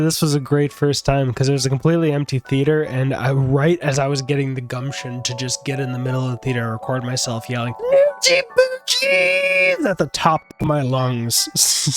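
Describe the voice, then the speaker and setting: Man, casual movie vlogger, mid pitch, jokey and profane, quick to laugh, faint music bed. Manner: jokey, excitable, swears freely, laughs mid-sentence. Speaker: movie vlogger and podcast host. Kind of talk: casual vlog talk to camera. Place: on the move between home, car and cinema.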